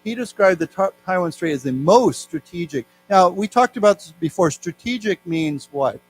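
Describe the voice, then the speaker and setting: A fairly high-voiced man with an American accent teaches English from a news article. He reads slowly and explains each word, asking his class to repeat after him. A faint mains hum sits under the recording. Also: expressive. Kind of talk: live English lesson reading news.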